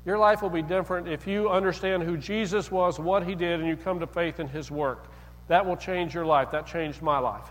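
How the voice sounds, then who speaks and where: High-voiced man preaching in a hall. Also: steady tone, normal speed. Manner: conversational, storytelling with acted quotes. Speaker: pastor. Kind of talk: sermon.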